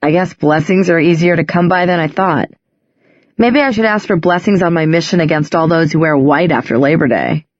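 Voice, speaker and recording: Woman doing a sarcastic defiant young guy, low and dry, dull dry audiobook sound. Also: brisk, dry recording. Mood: sardonic. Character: sardonic young man, brooding and defiant.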